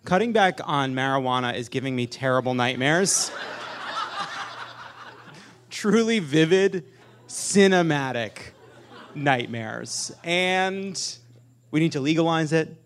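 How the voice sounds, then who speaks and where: A man hosting a live comedic political talk show on stage, joking and animated, with loud emphatic bursts. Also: a little high, slow pace, pauses often. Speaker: podcast host.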